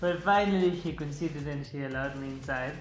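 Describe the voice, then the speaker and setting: A man's voice: a little high, brisk. A man in casual chat, chiming in and finishing his partner's sentences as they tell a story together. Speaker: co-host of a couple's channel. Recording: echoey room with faint music.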